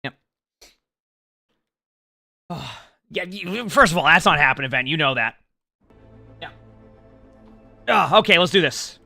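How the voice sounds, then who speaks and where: A man's voice: fairly high pitch, expressive, a little slow, gravelly, pauses often, bright, forceful tone, soft background music. A young man streaming a game, chatting upbeat to his viewers while losing his voice from too little sleep. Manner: chatty, upbeat, talks to chat between games. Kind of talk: casual live-stream chat.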